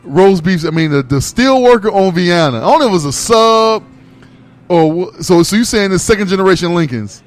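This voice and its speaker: High, lively man venting emphatically. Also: fairly quick. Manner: animated storytelling complaint, emphatic. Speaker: radio show co-host. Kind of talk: casual comedic rant.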